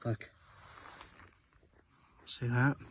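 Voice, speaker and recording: A man's voice: drawn-out words, a little hiss or hum. Breathless man vlogging outdoors. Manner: relaxed, rambling, talks to camera while walking. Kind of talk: casual narration while hiking. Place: outdoors on a hillside.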